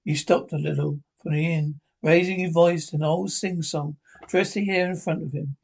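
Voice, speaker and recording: Amateur male reader of a classic novel; high, husky, gravelly voice, halting delivery. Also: steady tone. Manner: unpolished reading with slips and restarts. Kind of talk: reading a classic novel aloud.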